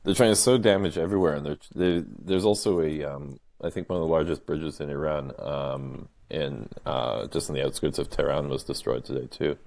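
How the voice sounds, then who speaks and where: A man co-hosting a casual political discussion podcast, talking in a measured, analytical way with frequent pauses. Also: rumbling low, steady tone, gravelly, a little mellow. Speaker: podcast co-host.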